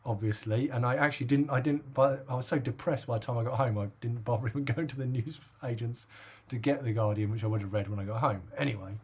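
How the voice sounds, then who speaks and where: A middle-aged English podcast co-host with a husky, average-pitched voice rambles through a story in casual chat. He talks quickly with hardly any pauses, laughing along and leaning on "like" and "obviously."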